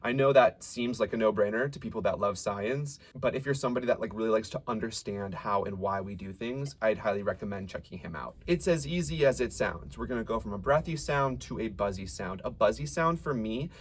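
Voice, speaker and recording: Relaxed man teaching singing warm-ups. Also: on the low side, a little fast, hardly any pauses, slightly rough. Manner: relaxed and encouraging, demonstrates sung warm-up drills. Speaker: vocal coach. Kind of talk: singing lesson with sung exercises.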